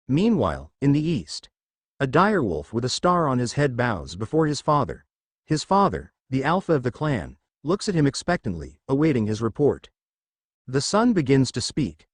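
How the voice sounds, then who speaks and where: A man narrating a first-person fan fiction story in an expressive manner. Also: mid-range voice, moderate pace, no room sound.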